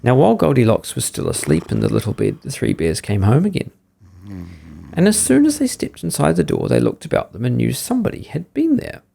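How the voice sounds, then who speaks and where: A man reads a bedtime fairy tale in a warm storyteller's way, his voice lifting and dipping in a sing-song pattern. There's a strong gravelly fry in his voice. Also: mid-range voice, wildly swooping pitch, brisk. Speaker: storyteller, podcast host.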